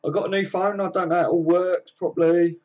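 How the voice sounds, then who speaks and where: A man's voice: high voice, fairly even intonation, fast, a little mellow, dull audio. Chatty man hosting a livestream. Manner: chatty, friendly, lots of fillers and "mate". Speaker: livestream host. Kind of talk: casual livestream chat, reading viewer comments. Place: at home.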